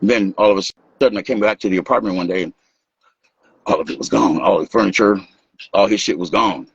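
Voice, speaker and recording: With a low, gravelly, husky voice and a brisk pace, a man from Los who dances and makes music tells stories in a casual interview. He gets animated, voices what people said, swears freely and laughs. The sound is dull lo-fi with no room sound.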